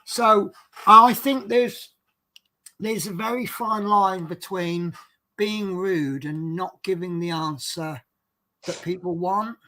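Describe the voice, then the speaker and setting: A man's voice: high-pitched, takes it slowly, bright, forceful tone. A man working as a bus driver, telling rambling work stories in a casual, chatty way and acting out the dialogue. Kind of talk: casual storytelling monologue.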